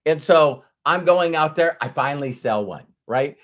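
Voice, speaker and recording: A man, a business coach, telling a motivational story in a casual, animated way, often restarting and repeating words. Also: fairly high pitch, moderate pace.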